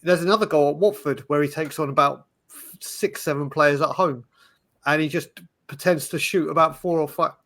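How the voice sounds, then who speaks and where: Chatty man, animated storyteller. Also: a little high, normal speed. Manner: animated, storytelling, restarts often. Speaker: podcast panelist. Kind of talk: casual chat.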